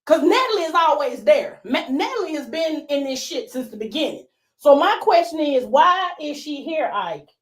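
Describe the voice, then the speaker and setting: A woman's voice: sits high, big pitch swings, moderate pace. A woman co-hosting a casual gossip commentary show, opinionated and full of rhetorical questions. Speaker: co-host.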